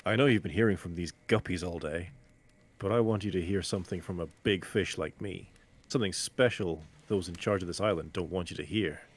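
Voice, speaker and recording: A man's voice: low-pitched, a little fast, slightly rough. A man voicing a boastful, flirty male trickster killer in a dating game. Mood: smug. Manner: smug, boastful.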